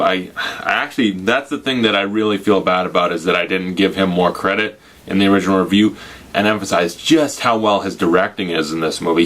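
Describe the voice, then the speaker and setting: A man with a very low, deep voice talks through a casual spoiler movie review. He is gushing and enthusiastic, rambling loosely and restarting his sentences as he goes. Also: fairly bright tone. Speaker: film reviewer.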